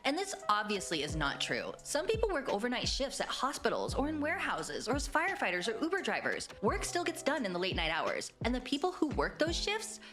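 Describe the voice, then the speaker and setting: A woman reading a scripted video-essay narration in a measured, explanatory way. Her pitch moves freely up and down as she explains. Soft music plays faintly under her voice.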